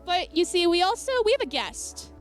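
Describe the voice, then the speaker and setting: A woman's voice: very high voice, big pitch swings, moderate pace, soft background music. A young woman co-hosting a youth livestream, joking around with hesitant fillers. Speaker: youth show co-host. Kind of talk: playful livestream banter.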